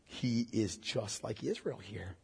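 A male pastor preaching a sermon, swinging from hushed, low passages to loud, emphatic ones. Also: takes it slowly, breathy edge, big-room sound.

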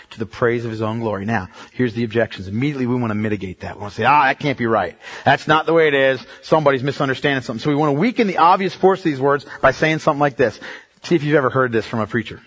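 A male pastor preaching a sermon, emphatic and direct, dropping from loud bursts to a hush and checking in with his congregation. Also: medium pitch, husky. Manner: emphatic, swings between loud outbursts and hushed stretches; talks straight to the congregation, checking in often.

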